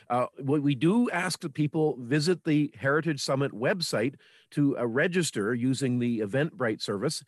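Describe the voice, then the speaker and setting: A man from Manitoba, Canada, talks as a radio interview guest in an earnest, informative way. He has a middle-pitched voice, and the recording is close and dry, with no room sound. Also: no echo. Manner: earnest and informative, with small restarts. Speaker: radio guest on local history.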